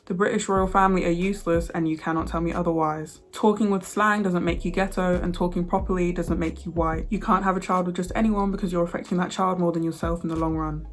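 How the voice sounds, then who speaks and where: Young woman from the uk firing off blunt hot takes, lowish voice, says things twice to hammer it in. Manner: emphatic, repeats her points for stress. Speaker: host. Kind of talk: blunt opinion monologue.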